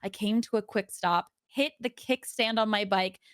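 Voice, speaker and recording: A woman hosting a podcast, reading listener stories aloud and chatting casually in an animated storytelling manner. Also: mid-range voice, normal speed, smooth, dry recording, studio quality. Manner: animated storyteller who acts out voices in quotes. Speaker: podcast host.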